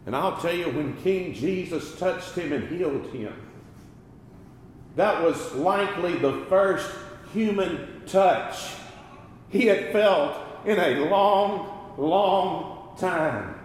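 Slow, measured preacher in an echoey hall. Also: male voice, high voice, expressive, a little hiss or hum. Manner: slow, deliberate preaching with swells and drops in loudness. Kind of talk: sermon.

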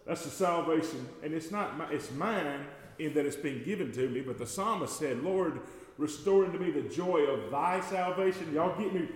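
A man preaching a sermon, folksy and talking to the congregation as y'all, growing loud and slow whenever he quotes scripture. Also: a little high. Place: church sanctuary. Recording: echoey church hall with long reverb.

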